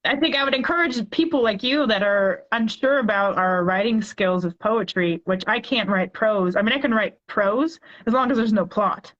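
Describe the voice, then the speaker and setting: A woman in her forties, a poet guest, talking in a chatty, animated way with lots of filler words. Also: mid-range voice, normal speed, hardly any pauses, lo-fi sound. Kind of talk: casual interview chat.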